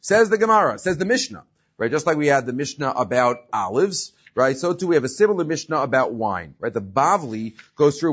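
A man's voice: mid-range voice, expressive, fairly quick, a bit bright, husky. Man teaching a talmud class. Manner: explains step by step, often asking "right?"; mixes English with Hebrew and Aramaic terms. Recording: slightly dull lo-fi recording.

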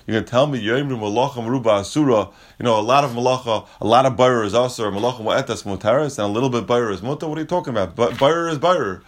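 A man's voice: mid-range voice, very fast, hardly any pauses. A man teaching a Talmud lesson, reading Aramaic lines and explaining them casually in English. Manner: casual, restates points, frequent restarts.

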